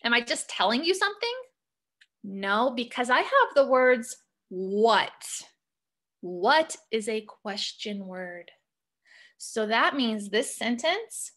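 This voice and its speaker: Slow, bright-voiced woman teacher. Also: a little high, very animated. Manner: slow, exaggerated reading with questioning prompts. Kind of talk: classroom punctuation lesson.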